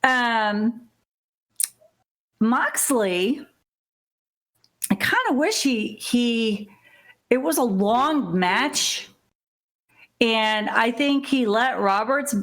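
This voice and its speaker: A middle-aged woman from Illinois, talking on a podcast. Her voice sits a little high, and she rambles, circling back to complaints with blunt swearing and easy laughter. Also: expressive, extremely slow, pauses often, fairly bright tone. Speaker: podcast co-host. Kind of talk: casual chat.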